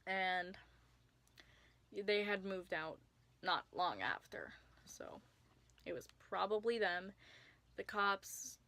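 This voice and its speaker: Bright-voiced young woman telling a story. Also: mid-range voice, animated, slow, pauses often, no echo. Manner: chatty, lots of "like" fillers, drops to whispers for emphasis. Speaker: vlogger. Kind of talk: casual storytime vlog.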